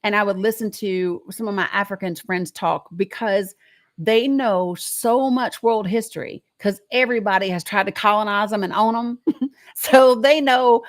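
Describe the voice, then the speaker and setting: A high-voiced woman with a Southern American accent hosts a live show, speaking bluntly and cursing freely. She laughs often and talks straight to her viewers as y'all. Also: fairly bright tone. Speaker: talk show host. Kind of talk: live-stream commentary.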